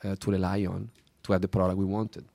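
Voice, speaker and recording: A man's voice: sits low, little pitch movement, fast talker, gravelly, warm tone, no room sound. A man with an Italian accent answering interview questions about his drink company, hesitant and full of fillers and restarts. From Italy.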